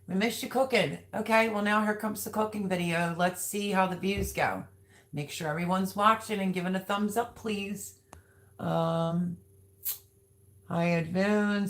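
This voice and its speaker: A woman hosting a casual live stream, chatting in a rambling, affectionate way as she reads out viewers' comments. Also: on the low side.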